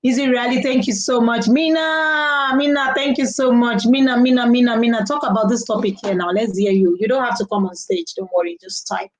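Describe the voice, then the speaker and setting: A woman's voice: fairly high pitch, fairly even intonation, fairly quick, few pauses. A young woman with a Nigerian English accent, hosting a casual live stream and chatting loosely, repeating herself and laughing often.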